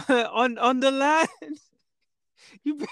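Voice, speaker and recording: A man co-hosting a casual podcast, asking questions and teasing with quick laughs. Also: very high-pitched, a bit bright, no room sound, clean studio sound. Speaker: podcast co-host.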